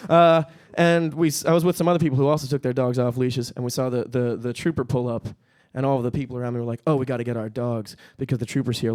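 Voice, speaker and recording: A young man performing a stand-up comedy set on stage, talking in a deadpan way and breaking into high-pitched panicky voices for punchlines. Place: comedy stage at a live-streamed event.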